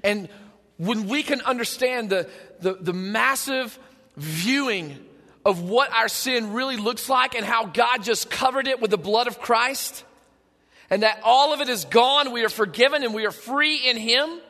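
High, bright-voiced male preacher. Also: a little slow. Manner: emphatic, swinging between loud and hushed. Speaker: pastor. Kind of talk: sermon. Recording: long hall reverb.

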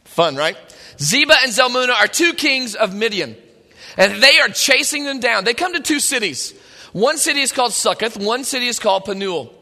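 A man preaching a sermon, retelling a story in an animated, conversational way. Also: very high-pitched, moderate pace. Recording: long hall reverb.

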